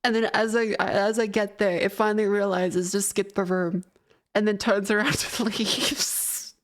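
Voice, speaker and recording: Female streamer, casual chat, mid-pitched voice, loose and profane storytelling. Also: fairly even intonation, normal speed. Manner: rambling, profane storytelling broken by laughter.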